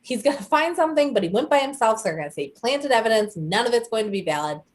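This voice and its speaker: A young woman co-hosting a casual chat, telling a story with animated quoted voices. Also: mid-range voice, quick pace. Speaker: podcast co-host.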